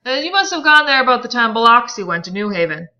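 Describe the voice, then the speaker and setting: A woman voicing an arrogant, contemptuous rich man while reading a novel aloud, loud and incredulous. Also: mid-range voice, expressive, brisk, lo-fi sound. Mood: scornful. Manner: sneering, incredulous, loud outbursts.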